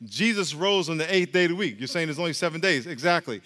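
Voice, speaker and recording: A man's voice: fairly high pitch, quick pace, bright, forceful tone, in a large hall. A male pastor giving a casual, joking sermon, drawing the congregation into call-and-response.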